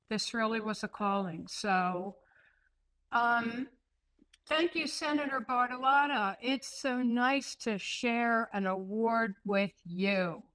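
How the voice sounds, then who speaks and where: A woman accepting an award, overwhelmed and hesitant, pausing often with fillers. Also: a little high, a bit bright. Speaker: award honoree. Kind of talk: acceptance speech.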